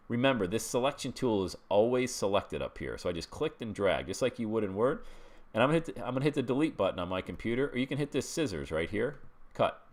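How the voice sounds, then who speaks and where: A middle-aged man teaching a screen-share webinar, chatty and walking listeners through each step with frequent check-ins. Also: on the low side. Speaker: webinar instructor.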